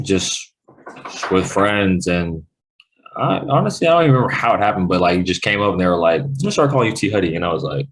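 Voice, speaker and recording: A young man, a college football player, answering interview questions in a relaxed, laid-back way. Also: on the low side, a little hiss or hum, low-quality recording. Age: young adult. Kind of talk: casual interview chat.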